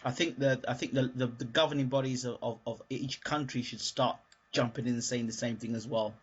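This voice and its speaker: A man's voice: medium pitch, steady tone, a little fast, slightly rough, muffled recording. A man hosting a casual interview, chatting and laughing readily.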